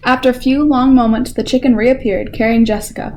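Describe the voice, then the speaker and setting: A teenage girl volunteer reading a children's picture book aloud with expressive storytelling. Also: on the high side, brisk, slight background noise. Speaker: library volunteer reader.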